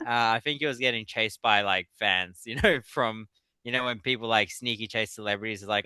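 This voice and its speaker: A man with a bright, crisp voice tells stories in a relaxed interview, laughing often through them. His voice is close and dry, with no room sound around it. He tells them animatedly. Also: on the low side, brisk, no echo. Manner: animated storyteller. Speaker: guest author. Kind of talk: casual interview chat.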